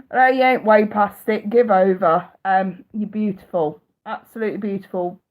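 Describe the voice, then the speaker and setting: A woman's voice: mid-range voice, slow, long pauses, darkish tone, a little hiss or hum. A British woman in her thirties, a psychic reader chatting casually on a live stream, blunt and profane and often laughing. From United Kingdom. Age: 30s. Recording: tinny phone-like audio.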